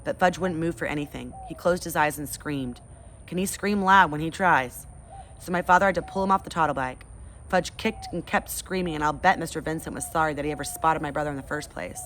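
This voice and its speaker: A woman's voice: low-pitched, a little fast, fairly bright tone, slight background noise. A woman reading a chapter book aloud to her class, then chatting in a friendly way. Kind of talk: read-aloud storytelling.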